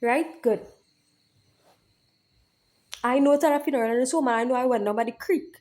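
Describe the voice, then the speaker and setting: A woman's voice: high-pitched, normal speed, a little mellow. Emphatic woman venting, repeating herself. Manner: repetitive, emphatic, profane, keeps asking "right?". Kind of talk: angry venting monologue.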